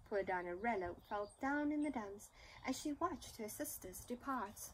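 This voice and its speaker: A woman reading a children's storybook aloud in an unhurried, expressive manner. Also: on the high side, a little hiss or hum, low-quality recording. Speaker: storybook reader.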